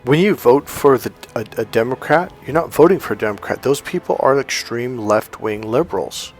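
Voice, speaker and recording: A man's voice: mid-range voice, normal speed, faint music behind. A man from the San Francisco Bay Area, a self-help coach talking in a casual, rambling opinion monologue that acts out the voices he quotes.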